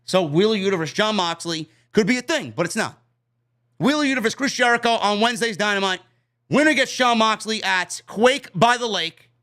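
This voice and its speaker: A man's voice: high-pitched, lively intonation, fairly quick, sharp tone. A man with a New York accent giving a loose, chatty recap of a wrestling show, with fillers and casual swearing.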